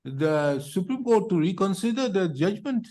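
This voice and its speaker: A man's voice: high-pitched, very animated, moderate pace, dark tone. A man with an Indian English accent presiding as a judge, stern and impatient as he lectures counsel in a courtroom hearing. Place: courtroom, on a video hearing feed.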